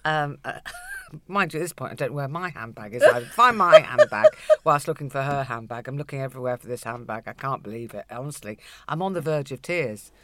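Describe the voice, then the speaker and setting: A woman's voice: a bass voice, expressive, brisk, few pauses, a little hiss or hum. A middle-aged woman co-hosting a podcast, telling family stories in casual chat, laughing often and swearing freely. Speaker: podcast co-host.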